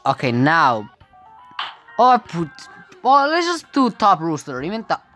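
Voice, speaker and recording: A woman narrates her gameplay in a casual, unhurried way, her pitch leaping around as she cries out in frustration and laughs. Her voice sits a little low, and faint game music plays behind her. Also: huge pitch swings, a bit bright. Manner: exclaims and laughs often, frustrated outbursts. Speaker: gaming video creator.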